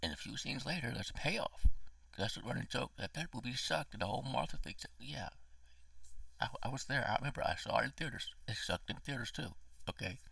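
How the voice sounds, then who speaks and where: A man's voice: mid-range voice, expressive, fairly quick, vocal fry, fairly bright tone, slightly rough, no room sound, recorded from a distance. A man giving a casual spoken movie review, ranting with emotion and profanity, sometimes dropping to a whisper.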